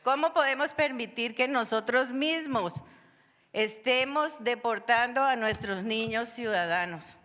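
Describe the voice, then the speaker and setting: A woman's voice: a little high, moderate pace, fairly bright tone. A woman pleading passionately with council members during public testimony. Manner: impassioned, pleading. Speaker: public commenter. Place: large council chamber. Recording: long hall reverb.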